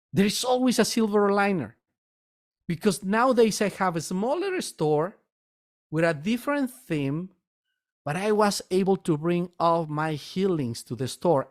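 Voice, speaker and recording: A man who owns a metaphysical store and teaches meditation, telling a personal story in an earnest, halting way and repeating words as he goes. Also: sits high.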